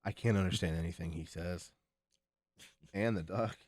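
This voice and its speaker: A man's voice: low voice, moderate pace, a little mellow, dry recording. A man co-hosting a podcast, dropping dry quips in casual banter. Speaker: podcast co-host.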